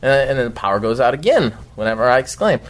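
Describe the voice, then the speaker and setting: A young man tells a story in an easygoing way, breaking into loud, profane outbursts when he acts out what he said. His voice sits in an ordinary middle pitch, and his talk is loose and animated. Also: fast talker. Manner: animated, swears a lot, shouts quoted outbursts. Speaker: guest storyteller. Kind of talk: casual storytelling.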